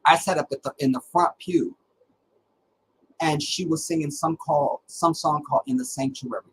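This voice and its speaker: A middle-aged man hosting a livestream, telling personal stories in a dramatic, animated way with halting restarts. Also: on the high side, slight background noise, low-quality recording. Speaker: livestream host. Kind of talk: casual personal storytelling.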